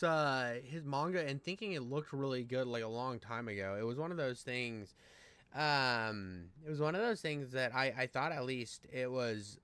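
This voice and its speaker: A man's voice: medium pitch, a bit bright, clear, resonant tone, no echo. A young man streaming, rambling and joking crudely with lots of swearing as he reacts to a video. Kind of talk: casual reaction commentary.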